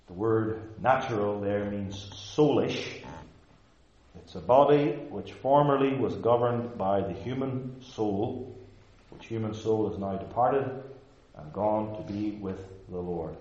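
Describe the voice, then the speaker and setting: A male pastor preaching a sermon to a live congregation in a measured, emphatic way, stressing short repeated phrases. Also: on the low side, darkish tone, roomy sound, muffled recording. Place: church service before a live congregation.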